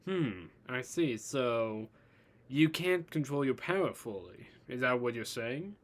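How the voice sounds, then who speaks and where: A man voicing a big, calm, self-assured male warrior in a read-aloud fan story. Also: mid-range voice, slow pace.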